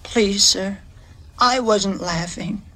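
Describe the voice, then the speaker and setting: A man's voice: high voice, slow pace, background noise, voice pushed up. A man voicing a fat, timid little male tuba on a children's storybook record, meek and pleading. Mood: wistful. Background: orchestral music.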